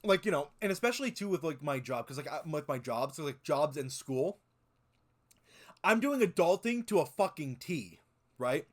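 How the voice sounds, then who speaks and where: Rambling young man, lively streamer chat. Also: fairly high pitch, moderate pace. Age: 20s. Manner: animated, swearing, rambling with many fillers. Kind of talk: casual stream chat reacting to videos.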